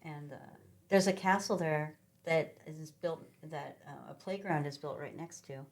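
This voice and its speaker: A middle-aged woman from Sacramento, a podcast guest, telling rambling, animated travel stories in a casual chat with lots of ums. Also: deep voice, unhurried. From Sacramento, California. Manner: rambling, animated travel anecdotes with many fillers. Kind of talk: casual conversational storytelling.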